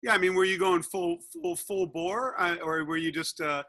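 Man, panelist, teasing, joking, high bright voice. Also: normal speed, no room sound, clean studio sound. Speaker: regular panelist. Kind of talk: casual panel banter.

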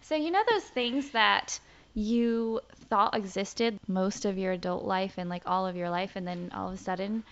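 A young woman from the American South with a faint Southern accent, co-hosting a podcast in casual, animated chat full of fillers. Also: mid-range voice, normal speed, a little hiss or hum. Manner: chatty, animated storyteller with many fillers. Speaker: podcast co-host. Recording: dull, lo-fi podcast audio.

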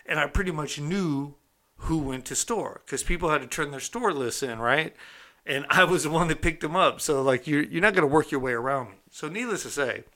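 Bright-voiced streetwise man telling a story. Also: fairly high pitch, fairly quick. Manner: streetwise and conversational, often checking in with "right?". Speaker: storyteller recounting his own past. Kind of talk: casual first-person storytelling.

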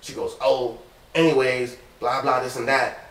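A man's voice: medium pitch, moderate pace. A man co-hosting a casual talk show, telling a long story and acting out the lines of the people in it. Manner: animated storyteller, acts out quoted lines. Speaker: co-host. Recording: echoey room, distant mic.

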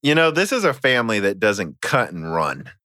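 A man's voice: on the low side, huge pitch swings, normal speed, pushed and bright, no echo, studio quality. A man with a Midwestern American accent hosting a casual chat, joking and reading listener mail. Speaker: podcast host.

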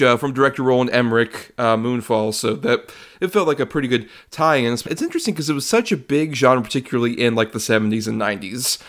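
A man's voice: medium pitch, fairly bright tone. A man co-hosting a film podcast, chatty and rambling, often laughing and using fillers. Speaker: podcast co-host. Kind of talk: casual film podcast chat.

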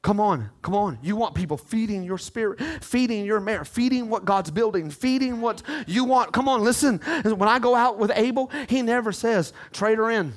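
A man preaching a sermon as pastor, swinging between emphatic shouts and quiet pleas and repeating short phrases with calls of "come on". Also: high-pitched, moderate pace, few pauses.

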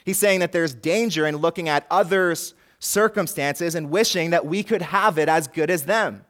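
A man's voice: fairly high pitch, moderate pace, a bit bright. A man preaching a sermon as pastor, earnest and rising and falling in force, with a light joke now and then. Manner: jokes lightly with the congregation.

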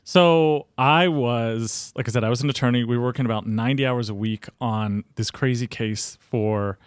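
A man in his thirties, a podcast guest telling his story in conversation, acting out quoted dialogue with big jumps in pitch. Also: moderate pace, clear, resonant tone, no room sound.

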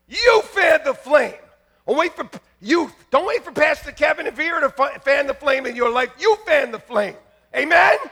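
A man preaching a fiery sermon to his church, shouting and joking by turns. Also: very high-pitched. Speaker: pastor. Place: church sanctuary.

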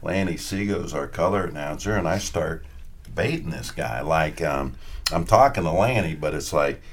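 A man telling old stories in a casual chat, acting out quotes with sudden loud bursts. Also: a bass voice, normal speed. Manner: animated, acts out quotes with sudden loud outbursts. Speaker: former radio announcer.

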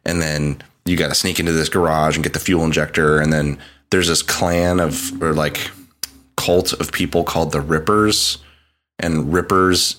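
A man with a deep, low-pitched voice talks casually on a gaming podcast. He retells a game's plot in a loose, rambling way, laughing often and slipping into quick mock voices for the characters. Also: a bit bright. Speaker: podcast co-host. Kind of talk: casual chat.

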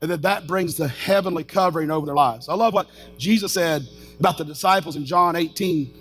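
A middle-aged man preaching a sermon as pastor, telling personal stories in an animated way and acting out the lines he quotes. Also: a little high, fairly quick, soft background music. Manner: animated storyteller, acts out shouted quotes.

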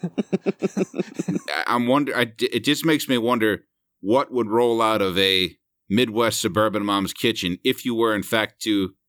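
A man co-hosting a podcast in casual chat, laughing often with a wry, lively delivery. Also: on the low side, unhurried, dry recording, studio quality. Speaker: podcast co-host.

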